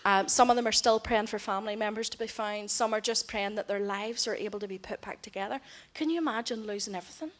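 A woman's voice: mid-range voice, fast talker, few pauses. A middle-aged woman, giving a heartfelt mission report to a church congregation and voicing the people she quotes. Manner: heartfelt storytelling, voices others in quotes. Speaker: missionary speaker.

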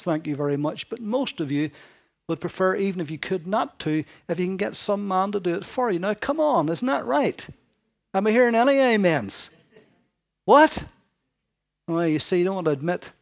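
Animated high-voiced male preacher. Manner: animated, joking with the congregation. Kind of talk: sermon.

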